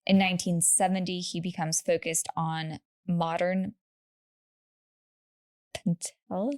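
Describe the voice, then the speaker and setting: A woman's voice: on the low side, flat delivery, normal speed. A woman co-hosting a podcast, telling a true story in casual chat with laughing asides and lots of "like".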